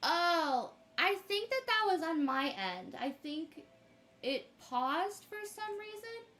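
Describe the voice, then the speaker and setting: A woman's voice: extremely high pitch, sing-song, slow, bright, forceful tone. A woman giving tarot readings on a casual livestream, gushing and affectionate as she greets viewers. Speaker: tarot reader streaming live.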